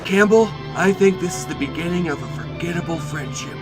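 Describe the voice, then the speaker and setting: A man's voice: a little high, lively intonation, fairly quick, over music. A man narrating a comedic movie review with sarcastic jokes and asides.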